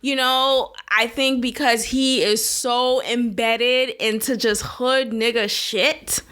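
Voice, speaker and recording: A woman's voice: on the high side, fairly even intonation, slow pace, a bit bright, clean tone. A woman hosting a video commentary, giving blunt, frank opinions in a casual way and often laughing.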